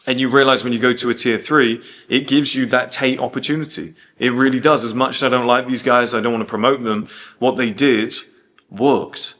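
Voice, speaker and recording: A man's voice: medium pitch, fairly even intonation, fairly quick, a bit bright. A man from the UK talking casually and bluntly, telling stories full of quoted dialogue and swearing. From United Kingdom. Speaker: host. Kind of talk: casual monologue.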